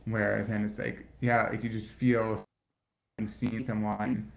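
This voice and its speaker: Gravelly, halting man. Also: lowish voice, little pitch movement. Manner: halting, filler-heavy, lots of "like". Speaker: comedian guest. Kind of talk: casual podcast chat.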